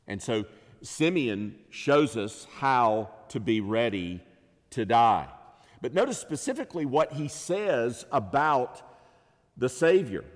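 A man preaching an expository sermon, measured and emphatic, rising in pitch and volume on key phrases. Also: big pitch swings. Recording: long reverb of a large hall.

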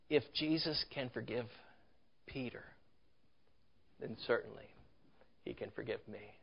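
A man's voice: medium pitch, creaky. A man preaching a sermon as a story, conversational, with rhetorical questions and asides. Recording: dull lo-fi recording.

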